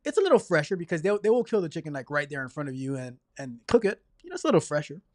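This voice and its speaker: A man hosting a casual livestream, chatty and energetic, rambling along and stumbling over repeated words. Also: on the high side, racing, no echo, clean studio sound. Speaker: livestream host.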